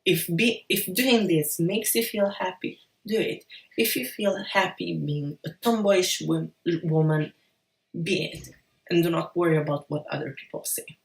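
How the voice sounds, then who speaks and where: Woman vlogging, frank and encouraging, bit low voice, echoey room, sits back from the mic. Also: a little slow, creaky, far from the mic. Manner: frank, encouraging, casual swearing. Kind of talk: casual advice vlog. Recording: roomy echo, off-mic.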